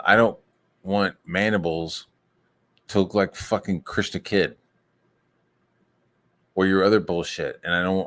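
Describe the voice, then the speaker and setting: A man ranting angrily on a stream, swearing constantly and mocking others in squeaky put-on voices. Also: fairly bright tone. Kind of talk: profane ranting monologue.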